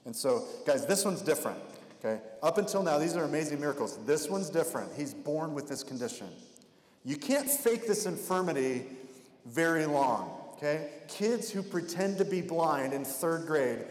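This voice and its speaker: A man's voice: fairly high pitch, expressive, moderate pace. Man preaching in an echoey hall. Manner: conversational, acts out the voices of people in the story. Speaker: pastor. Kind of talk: expository sermon. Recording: echoey hall with long reverb.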